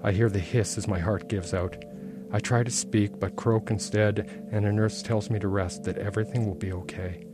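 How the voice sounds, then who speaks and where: Deep-voiced male author reading his dark novel aloud, measured and intense, music underneath. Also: fairly even intonation. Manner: measured, dark and intense first-person narration. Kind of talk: literary reading.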